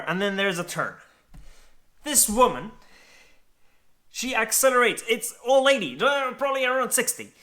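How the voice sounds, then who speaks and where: A man from Grenada telling a funny real-life story in a casual, animated way, swearing and laughing as he goes. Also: sits high, background noise. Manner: animated, swears freely, laughs along, acts out voices. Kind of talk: casual anecdote told to camera.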